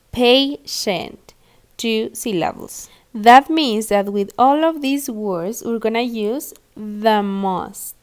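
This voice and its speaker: A young woman from Mexico, teaching an English lesson slowly and patiently, spelling out each step. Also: on the high side. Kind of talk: recorded online lesson. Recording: echoey room.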